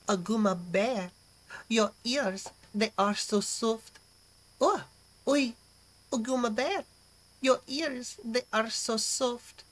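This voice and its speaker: A woman putting on an exaggerated, snooty French accent, speaking slowly and breathily. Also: a little high.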